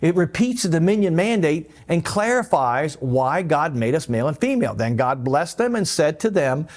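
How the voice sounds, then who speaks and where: A man teaching a Bible lesson as pastor, explaining and animated, with light asides. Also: a little high, normal speed. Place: church.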